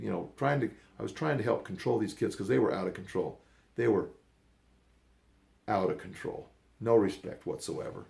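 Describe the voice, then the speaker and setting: An older man tells a story in a loose, rambling way and says things bluntly. His voice sits a little low, with a gravelly edge. He slips into the voices of the people in the story as he goes. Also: moderate pace, pauses often, a little mellow. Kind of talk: casual storytelling.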